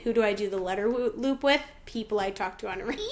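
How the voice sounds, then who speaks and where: A young woman in her twenties co-hosting a podcast, talking earnestly and eagerly and jumping in often. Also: mid-range voice. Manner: earnest, enthusiastic, quick to interject. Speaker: podcast co-host. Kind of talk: casual chat.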